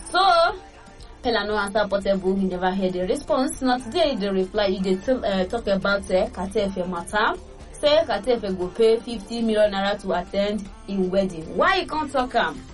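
A woman with a Nigerian Pidgin accent hosting a casual entertainment gossip show, lively and chatty, laughing between points. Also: medium pitch. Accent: Nigerian Pidgin English. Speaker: entertainment news host. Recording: distant mic with faint music.

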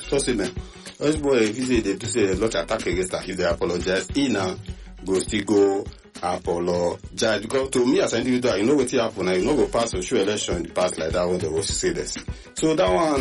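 A man with a Nigerian accent hosting a radio talk show in animated, chatty Pidgin-laced English. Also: fairly low pitch. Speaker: radio host. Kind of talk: casual chat.

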